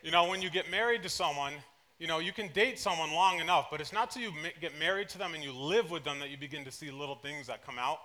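Sharing stories from his own life, a pastor preaches a sermon to the congregation at a church service. His voice is on the high side and fast, shifting from quiet asides to loud bursts of excitement.

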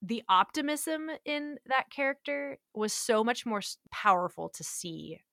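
A woman's voice: on the high side, expressive, a little slow, vocal fry, a bit bright, dry recording. Chatty woman, dry close sound. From Washington state. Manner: chatty and enthusiastic, laughs often. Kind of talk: casual chat.

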